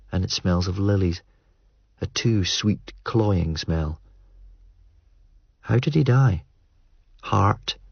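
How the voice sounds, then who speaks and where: A man reading a novel aloud in measured, understated narration. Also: deep voice, slightly rough, no echo, muffled recording. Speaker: audiobook narrator. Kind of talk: scripted narration.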